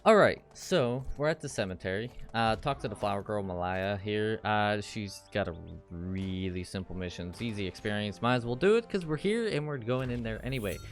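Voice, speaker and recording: A man's voice: expressive, normal speed, hardly any pauses, faint music behind. A man casually commenting on his gameplay as he plays, rambling and offhand. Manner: rambling and offhand, puts on silly high voices for characters. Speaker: game walkthrough host.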